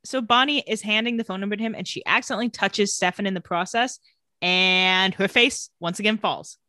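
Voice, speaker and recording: A woman's voice: medium pitch, a little fast, sharp tone, dry recording, studio quality. A young woman co-hosting a podcast, recapping a TV episode in casual, sarcastic chat and acting out the characters' lines. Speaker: podcast co-host.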